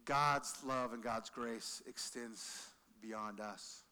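A man preaching a sermon in an animated way, swinging from loud acted-out quotes to quiet emphasis, recorded in a large church sanctuary. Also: medium pitch, extremely slow. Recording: long reverb of a large hall.

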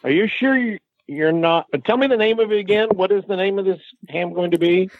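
A man's voice: sits high, brisk, dry recording. An older man on a phone call, hesitant and dryly skeptical. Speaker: prank call target. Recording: tinny phone line.

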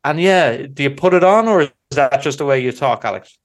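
Guy hosting a comedy podcast, kinda high voice, deadpan teasing. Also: a little fast. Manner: playful, mock-earnest, deadpan teasing. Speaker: podcast host. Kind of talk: comedic podcast monologue and mock interview.

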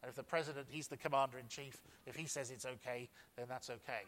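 A man's voice: mid-range voice, fairly even intonation, fast, fairly bright tone, a little hiss or hum, natural voice. A man voicing a stern, curt male army officer. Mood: matter-of-fact.

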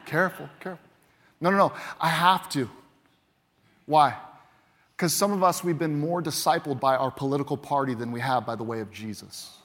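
A man preaching a sermon as pastor, emphatic, with lines that punch loud and then drop quiet. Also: medium pitch, normal speed. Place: church. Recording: long reverb of a large church hall.

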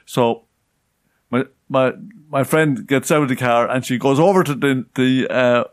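A man's voice: medium pitch, unhurried, dry recording. A man co-hosting a podcast, telling a rambling story and tagging on "right?" again and again. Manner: rambling, keeps asking "right?". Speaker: podcast co-host. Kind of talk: casual anecdote telling.

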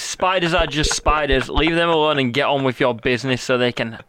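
A man's voice: medium pitch, fairly even intonation, brisk, hardly any pauses, bright, forceful tone, smooth, dry recording. A man in his thirties with a Northern English accent, reading out comments sarcastically in casual banter as a podcast co-host. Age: 30s.

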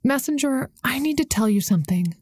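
A woman's voice: high-pitched, lively intonation, fairly quick, darkish tone, husky, dry recording, clean studio sound, pitched above the performer's own voice. A woman voicing a young woman who is anxious and confused, asking worried questions in a raised voice.

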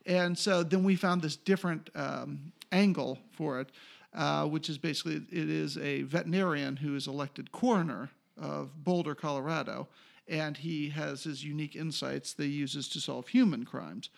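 Middle-aged TV producer guest from North Carolina, gravelly, somewhat high voice, animated storyteller. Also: male voice, normal speed. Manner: animated, acts out others' lines. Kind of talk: casual storytelling interview.

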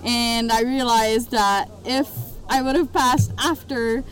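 A woman hosts a casual podcast interview with a high, light voice. She talks at an unhurried, slow pace. She asks loose, friendly questions and laughs a lot between them. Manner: giggly, asks relaxed questions. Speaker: podcast host.

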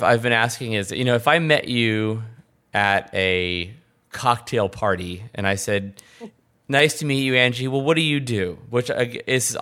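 A man's voice: medium pitch, a bit bright. A man hosting a podcast, chatting casually and animatedly with rambling asides. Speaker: podcast host. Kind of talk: casual interview chat.

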